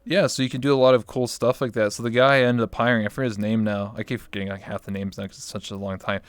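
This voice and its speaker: A man's voice: lowish voice, flat delivery, fast, dry recording. A man as a podcast guest, chatting casually and telling rambling, filler-heavy stories with some swearing. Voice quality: smooth, clear voice. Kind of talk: casual interview chat.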